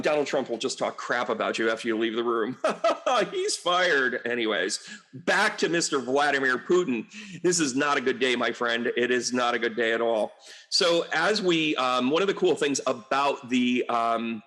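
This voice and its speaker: Rambling and chatty, with plenty of fillers and asides, a middle-aged medium and astrologer from the United States delivers a casual monologue to camera. His voice sits in the mid range with a fairly bright tone.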